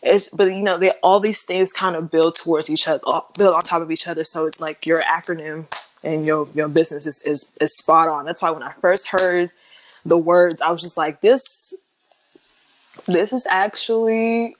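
Young woman guest, kinda low voice, lots of ums and restarts, gets animated quoting people. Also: slight background noise, rough recording. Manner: halting, many fillers and restarts, animated when quoting others. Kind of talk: candid personal interview.

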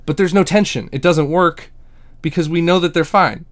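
Smooth-voiced man swearing through a casual recap. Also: on the high side, moderate pace. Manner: profane, joking, acts out characters' lines. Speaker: podcast co-host. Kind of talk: casual chat recapping a TV episode.

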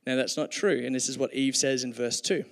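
A preacher delivers his sermon in a relaxed, conversational style, tossing jokes to his listeners along the way. His medium-pitched voice has a gravelly edge and moves fairly quickly, ringing with the long reverb of a church hall.

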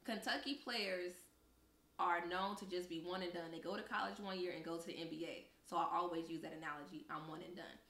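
A woman's voice: lowish voice, fairly quick, roomy sound. A young woman co-hosting a podcast, telling a story in casual chat and acting out the voices of the people in it. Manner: animated storyteller, acts out quoted voices. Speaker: podcast co-host.

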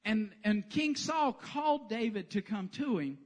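Preacher guy in a sanctuary, animated and jokey, voice up high and all over. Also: unhurried. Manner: animated, joking storyteller. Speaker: pastor. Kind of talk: sermon. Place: church sanctuary.

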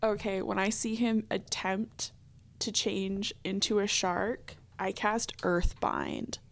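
A woman playing a tabletop game, hesitant and halting with many ums. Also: mid-range voice, fairly even intonation, creaky. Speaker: player.

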